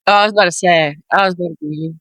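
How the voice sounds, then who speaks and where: A young adult podcast co-host chatting casually, teasing the others and asking quick questions. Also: medium pitch, fairly even intonation, a bit bright, dry recording. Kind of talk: casual chat.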